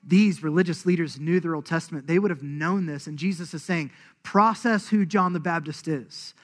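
Male pastor with a slightly high voice who preaches animatedly and acts out quotes. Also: a bit bright. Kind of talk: sermon.

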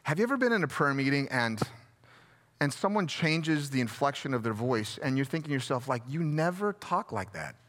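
A man preaching a sermon as pastor, conversational and gently self-deprecating, repeating key phrases for emphasis. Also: mid-range voice, animated, brisk.

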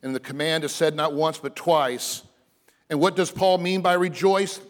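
A man preaching a sermon as pastor, earnest and emphatic, sometimes dropping to a hushed, soft delivery. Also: a little high, normal speed. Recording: long reverb of a large hall.

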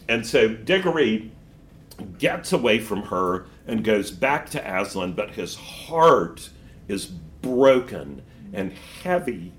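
A man hosting a book podcast, retelling the story in casual, animated talk and quickly agreeing with his co-hosts. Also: on the low side. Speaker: podcast host.

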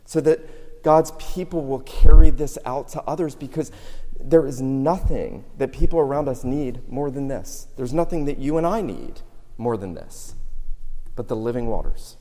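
A man preaching a sermon with earnest intensity, surging loud on key lines and dropping low in between. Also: lively intonation, moderate pace. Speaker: pastor. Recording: long reverb of a large hall.

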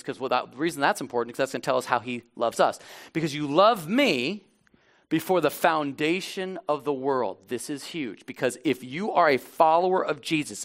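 A man preaching a sermon in a church, impassioned, swinging between loud emphatic lines and low, intimate asides. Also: creaky. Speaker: pastor.

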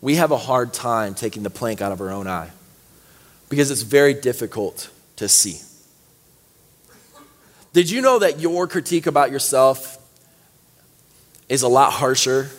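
A man preaching a sermon as pastor, moving from quiet scripture reading to loud, high exhortation. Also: long reverb tail.

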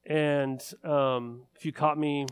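A male pastor delivering a sermon in an earnest tone, leaning on repetition to drive points home. His voice sits a little higher than most men's. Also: steady tone, slow pace, clean tone. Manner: earnest, building emphasis with repeated phrases.

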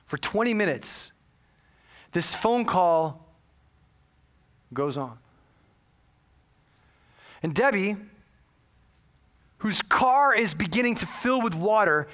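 A man's voice: high-pitched, lively intonation, slow, long pauses, sharp tone. A man preaching a sermon, telling a story with earnest, dramatic delivery. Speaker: pastor.

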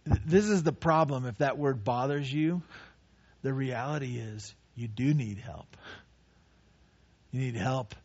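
A man delivering a sermon, earnest and plain-spoken, repeating his words as he builds toward louder, higher passages before dropping back down. His voice sits in an ordinary middle pitch. The recording is a little dull and lo-fi. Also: unhurried, pauses often, slightly rough. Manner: earnest preaching with repeated words and sudden rises in pitch and volume. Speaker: pastor.

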